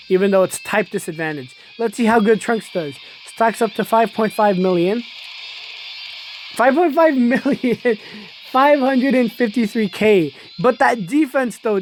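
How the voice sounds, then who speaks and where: A woman giving excitable live commentary on a mobile game, laughing often and talking straight to her viewers. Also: fairly high pitch, unhurried, faint music behind. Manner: chatty, addresses viewers as y'all.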